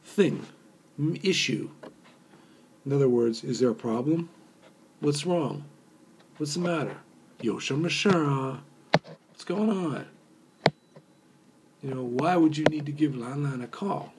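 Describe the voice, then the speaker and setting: A man's voice: a little high, lively intonation, unhurried, long pauses, heavy background noise. A man teaching a recorded language lesson, explaining step by step with fillers and patiently repeating phrases for learners to echo. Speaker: Mandarin teacher.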